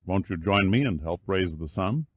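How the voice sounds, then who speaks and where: A narrator plays a confident man with a teasing, gentle delivery. The voice sits low and unforced, recorded dull and dry with no room sound. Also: expressive, normal speed, husky, no echo. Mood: wry. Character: confident adult man, dry-humored and forward.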